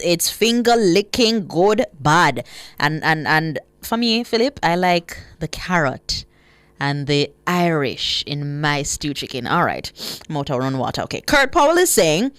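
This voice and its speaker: Lively Jamaican woman radio host. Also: medium pitch, dry recording. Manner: lively, laughing, drops into patois. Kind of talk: live radio reading listener comments.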